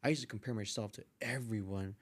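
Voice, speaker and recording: Animated young man telling a story. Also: fairly low pitch, fast talker. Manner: animated retelling, acts out quoted voices, swears freely. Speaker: podcast guest, artist and photographer. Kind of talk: casual storytelling.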